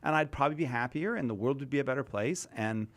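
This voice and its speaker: A man's voice: mid-range voice, fast. A man hosting a radio talk show, chatting casually with a panel and thinking aloud with lots of restarts.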